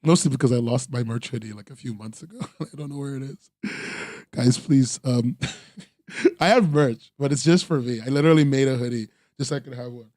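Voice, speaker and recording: A man's voice: medium pitch, brisk, a little mellow, no echo, studio quality. A man hosting a webcomics podcast, chatting casually and rambling with lots of ums and laughs, tired after a long convention. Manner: rambling, self-deprecating, frequent ums and laughs. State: tired, sore from three days at a convention. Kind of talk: casual solo chat.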